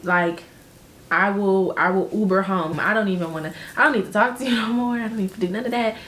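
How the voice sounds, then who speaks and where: A young woman telling a story to her viewers in casual chat, animated and slangy, laughing often and acting out what people said. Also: medium pitch, fairly quick, roomy sound.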